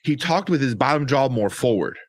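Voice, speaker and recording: A man co-hosting a casual movie review show, animated and profane, laughing often. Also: medium pitch, fairly quick, dry recording. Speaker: podcast co-host.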